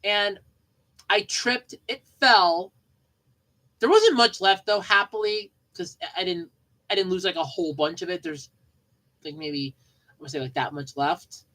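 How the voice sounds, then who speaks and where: This podcast host has a low-leaning, fairly bright voice and speaks at a measured pace with long pauses, though the audio is poor. She tells rambling childhood stories and chats casually about movies, frequently repeating herself and laughing.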